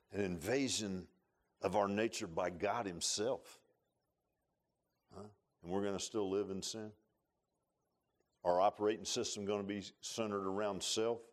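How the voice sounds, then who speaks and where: Earnest preacher man. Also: on the low side. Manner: earnest, emotional preaching with rising bursts and soft confessional drops. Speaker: pastor. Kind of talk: sermon. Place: church sanctuary.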